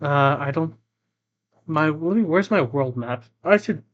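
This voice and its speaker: A man's voice: fairly high pitch, expressive, unhurried, muffled recording. A man running a tabletop pirate game as game master, talking casually in a rambling way, full of restarts and asides.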